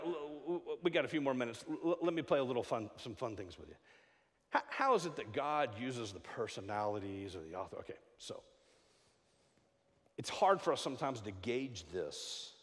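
Animated preacher in a reverberant church. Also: male voice, medium pitch. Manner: animated, jokey preaching with frequent stammered restarts. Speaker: pastor. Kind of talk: sermon. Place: church sanctuary. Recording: long hall reverb.

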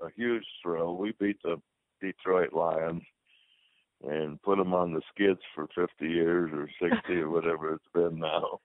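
A deep-voiced older man who once played football shares rambling anecdotes as an interview guest, voicing the dialogue himself. The casual storytelling comes through a dry, phone-like lo-fi recording.

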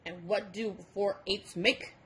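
A woman's voice: mid-range voice, fairly even intonation, bright, forceful tone, slight background noise. A woman voicing a bossy, teasing male number devil who quizzes a tired boy in a storybook reading. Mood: quizzing. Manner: brisk, coaxing, quizzing.

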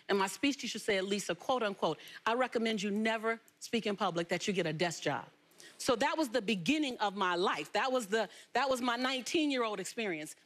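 A woman from Los Angeles, a talk show guest telling her life story in an animated, emphatic way. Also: fairly high pitch. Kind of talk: storytelling interview.

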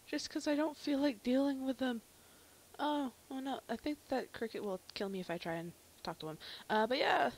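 A woman talks through a video game in a fairly high voice that swings widely in pitch. She is chatty and self-mocking, with sudden exclamations and asides as she plays. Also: sing-song, moderate pace. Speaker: let's play gamer. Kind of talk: casual gameplay commentary.

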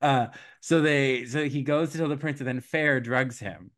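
A young man hosting a podcast, casually retelling a folktale with lively quoted voices, laughs and fillers. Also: medium pitch. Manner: animated storytelling, quick quoted voices, frequent laughs and fillers. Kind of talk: casual chat.

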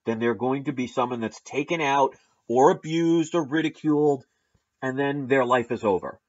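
A man's voice: mid-range voice, highs cut off. Emphatic man ranting with sarcasm. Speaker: channel host. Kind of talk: opinion vlog monologue.

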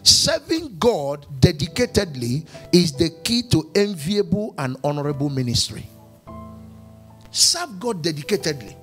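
High, lively pastor preaching. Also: male voice, measured pace, faint music behind. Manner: animated preaching, firing questions, acting out dialogues. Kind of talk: sermon. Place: church.

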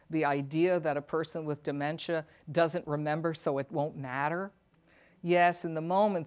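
Low-voiced woman counseling caregivers. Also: darkish tone. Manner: earnest, reflective, asks the audience questions. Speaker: psychotherapist and elder care coach. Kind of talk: talk to a caregivers' support audience.

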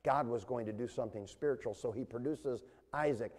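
A man preaching a sermon to his congregation, animated and engaging them with questions. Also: mid-range voice, a little fast. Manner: animated preaching with call-and-response and playful voices. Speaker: pastor. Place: church sanctuary. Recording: long reverb of a church hall.

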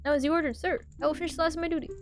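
A woman voicing a stiffly formal servant who speaks with high, overly polite deference to his superior. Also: steady tone, very fast, music in the background.

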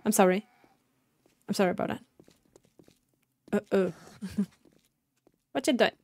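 A woman streaming a survival game, chatting casually with teammates, laughing often and yelling when things go wrong. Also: medium pitch, takes it slowly, dry recording. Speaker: gaming streamer. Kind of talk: casual let's-play commentary.

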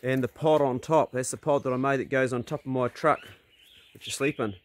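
A middle-aged hunter with a medium-pitched voice talks briskly, with fairly even intonation, in a casual vlog shot on his phone outdoors on rural land. Easygoing and blunt, with mild swearing, he often calls to his dogs in a raised, coaxing voice.

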